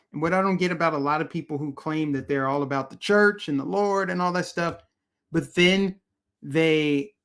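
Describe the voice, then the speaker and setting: A man's voice: a little high, a bit bright. A man hosting political commentary on a live stream, ranting in a heated, emphatic, repetitive way and answering his chat.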